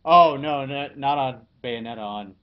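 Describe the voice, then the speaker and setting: Halting man in a dull lo-fi podcast. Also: mid-range voice. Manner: halting, filler-heavy, chuckles often. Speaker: podcast host reviewing a video game. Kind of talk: casual podcast chat.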